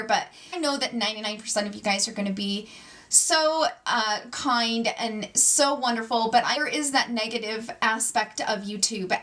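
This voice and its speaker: A woman in her forties hosting her own channel, chatty and a little nervous as she talks to camera. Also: fairly high pitch. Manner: chatty, self-described loud, nervous. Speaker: YouTube channel host. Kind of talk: casual chat to camera.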